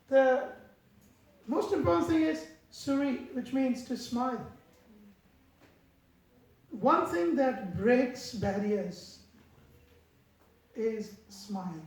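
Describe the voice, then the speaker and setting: A man giving a devotional lecture and telling stories in a measured way. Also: very high voice, darkish tone. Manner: measured, acts out quotes in the stories. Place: temple hall. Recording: very echoey hall.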